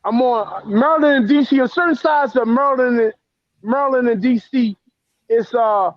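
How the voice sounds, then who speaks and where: His voice is remarkably high, and this Bronx-born author, a talk show guest, recounts his story with raw, heated emotion and plenty of cursing in a casual interview. He keeps a moderate pace, and the dull, lo-fi recording is close and dry with no room sound.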